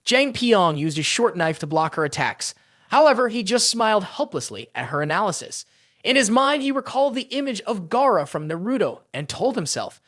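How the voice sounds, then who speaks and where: Lively high-voiced male narrator. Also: moderate pace, dry recording, studio quality. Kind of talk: scripted story recap narration.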